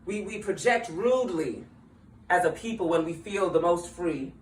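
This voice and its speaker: A speaker in an impassioned, conversational speech, slangy and quick to laugh mid-sentence. The voice sits at a middle pitch and comes across roomy and a bit distant. A faint ambience hums behind. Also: a little hiss or hum. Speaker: political speaker.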